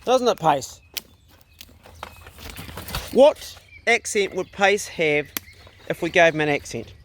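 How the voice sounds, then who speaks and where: A man's voice: a little high, expressive, unhurried, long pauses, a bit bright, a little hiss or hum. A middle-aged man chatting casually outdoors on a farm, talking to his dogs and laughing at himself. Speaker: farm vlogger. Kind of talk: casual vlog chat.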